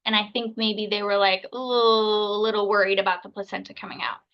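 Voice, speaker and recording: A woman's voice: medium pitch, flat delivery, fairly quick, lo-fi sound. A woman in her thirties, a podcast guest telling a personal story in a casual, chatty way, full of fillers and acted-out quotes. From United States. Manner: chatty, filler-heavy, acts out others' words.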